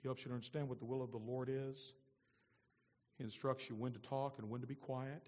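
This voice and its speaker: A man preaching a sermon as pastor, moving between loud emphatic lines and soft, low-spoken asides. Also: fairly even intonation, brisk, in a large hall.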